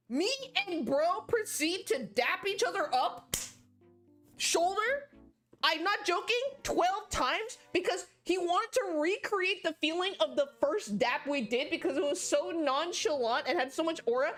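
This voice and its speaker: A young woman with a high, light voice tells funny stories from work on a livestream. She rambles and keeps breaking into laughter at her own tales. Soft music plays quietly underneath. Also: expressive, unhurried. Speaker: streamer. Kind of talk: casual livestream storytelling.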